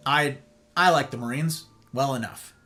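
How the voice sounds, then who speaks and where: A man's voice: medium pitch, moderate pace, pushed and bright, faint music behind. A male host giving an emphatic, sarcastic monologue on a live-streamed talk show, with playful asides.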